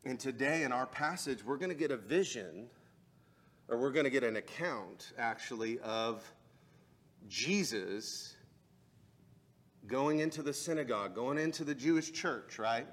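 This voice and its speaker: A pastor preaching a sermon in a voice of ordinary pitch for a man. He tells his story in an easy, casual way, then builds up to fervent preaching. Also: animated, unhurried.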